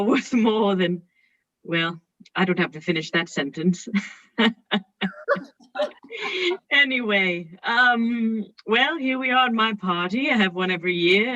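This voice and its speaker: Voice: mid-range voice, sharp tone, dry recording, highs cut off. A performer playing Fred, a vain and needy nephew hosting a party, giggly and rambling, in a drunken improv stage comedy.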